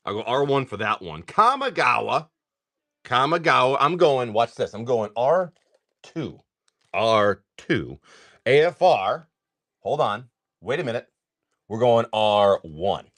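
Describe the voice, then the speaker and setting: Lively man rattling off card names. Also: mid-range voice, measured pace. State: just woken, clearing throat. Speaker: live card-break seller. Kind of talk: casual livestream chatter.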